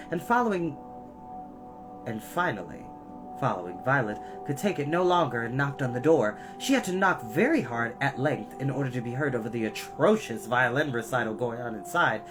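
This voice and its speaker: A man reading a children's novel aloud as a storyteller, adding asides to his listeners. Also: medium pitch.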